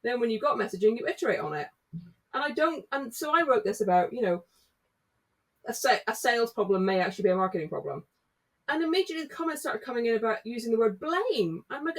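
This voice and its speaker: Brisk woman telling work stories. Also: fairly high pitch, animated, far from the mic, low-quality recording. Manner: brisk storyteller, acts out dialogue. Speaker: guest, marketing consultant. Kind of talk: casual podcast conversation.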